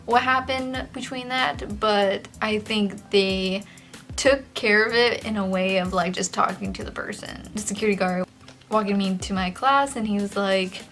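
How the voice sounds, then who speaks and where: Young woman, casual storytime vlog, chatty and filler-heavy, mid-pitched voice, faint music behind. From Mexican heritage. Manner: chatty and animated, full of "like" fillers, with quick jumps in pitch. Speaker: vlogger.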